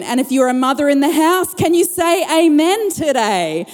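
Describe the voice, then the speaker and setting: A woman's voice: sits high, sing-song, normal speed, few pauses. A woman pastor preaching a sermon with passionate, rising emphasis in a church. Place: church auditorium. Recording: long hall reverb.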